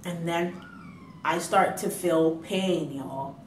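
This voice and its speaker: A young adult woman vlogging a personal story in a casual, animated way, often calling her viewers "y'all" and acting out how she panicked. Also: fairly low pitch, a little slow, noisy background. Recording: echoey room, mic at a distance.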